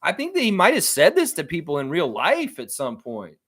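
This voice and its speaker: A man's voice: moderate pace, husky, no room sound. A man hosting a basketball fan live stream, chatting casually, reading viewer comments and ranting with the odd swear. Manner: animated, jumps into high-pitched mock voices when quoting people.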